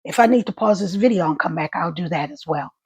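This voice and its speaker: A middle-aged woman talking casually to camera about life after a stroke, in halting speech that repeats words, her voice catching and crackling. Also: lowish voice, expressive, slightly rough. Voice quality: voice catches and crackles when emotional. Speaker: stroke survivor vlogger.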